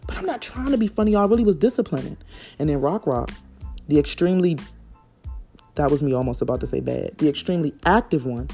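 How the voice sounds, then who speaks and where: A woman's voice: low-pitched, fast talker, soft background music. A woman, telling funny parenting stories in a casual monologue, calling her listeners "y'all" and acting out what she and her kids said. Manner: animated, addresses listeners as y'all, repeats words, acts out quotes.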